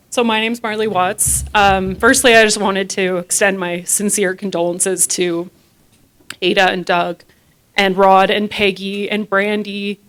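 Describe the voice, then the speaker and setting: A young woman giving a prepared memorial speech in a community centre hall, careful and hesitant, with frequent pauses and "um"s. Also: medium pitch. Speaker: late man's former partner speaking at his memorial.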